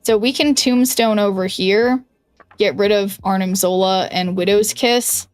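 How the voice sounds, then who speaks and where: A young woman streaming a card game, thinking aloud in a chatty way with lots of "like"s and quick restarts. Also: mid-range voice, clean tone. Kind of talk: casual stream chat while playing a card game.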